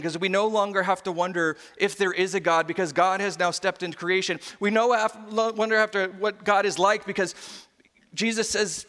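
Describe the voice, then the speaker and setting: Man, pastor, sermon, high voice, long hall reverb. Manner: animated, acts out quoted voices. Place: church sanctuary.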